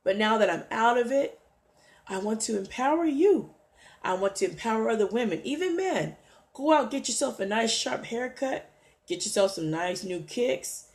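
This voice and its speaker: A woman's voice: on the high side, lively intonation, moderate pace. A woman hosting a motivational livestream, exhorting her viewers and greeting them by name as she preaches. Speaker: livestream host.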